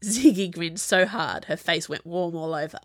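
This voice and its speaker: A woman's voice: fairly low pitch, moderate pace, no echo. Woman narrating a story, dry close sound. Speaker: audiobook narrator. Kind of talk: scripted narration.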